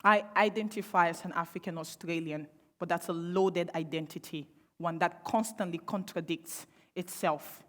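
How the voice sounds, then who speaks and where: A woman's voice: on the low side, steady tone, normal speed, fairly bright tone. A young woman giving a public speech, impassioned and sarcastic, with rhetorical questions. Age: young adult. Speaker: panel speaker. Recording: long hall reverb.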